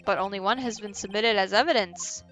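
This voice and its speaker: A woman's voice: mid-range voice, fairly quick, a bit bright, faint music behind, lightly acted. A woman voicing an earnest young male defense attorney, speaking eagerly and insistently. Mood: pressing.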